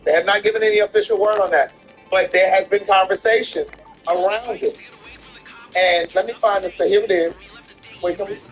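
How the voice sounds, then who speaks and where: Man, high voice, opinionated casual chatter, repeats himself for emphasis, faint music behind. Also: steady tone, normal speed, pauses often, rough recording. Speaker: streamer co-host. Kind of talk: casual chat while gaming.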